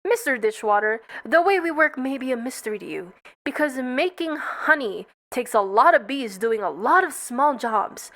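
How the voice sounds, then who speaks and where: A woman voicing an earnest young male bee giving a rousing speech, in a high, lively voice. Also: normal speed.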